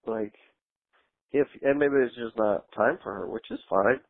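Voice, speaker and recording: A man's voice: medium pitch, unhurried, creaky, dry recording. A man leaving a rambling, chatty voicemail for a call-in show. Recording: tinny phone line, dry.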